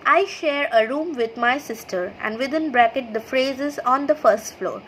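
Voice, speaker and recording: A woman's voice: high voice, animated, a bit bright, slight background noise, rough recording. A woman with an Indian English accent teaching an online English grammar lesson to school children, reading example sentences and naming their punctuation step by step. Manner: reads sentences aloud, then names the punctuation; slow, explanatory, checks in with "okay". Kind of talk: online class lesson over slides.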